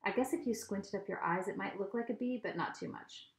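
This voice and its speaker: A woman reading a children's novel aloud at home, with steady, expressive storytelling. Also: mid-range voice, fairly quick. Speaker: reader. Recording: echoey room.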